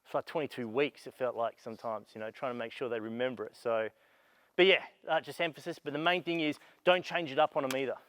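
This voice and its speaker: A man's voice: mid-range voice, fairly even intonation, fast, a bit bright. A man running a basketball coaching clinic, instructing players on court and raising his voice to make a point. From Australia. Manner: raises voice for emphasis and calls.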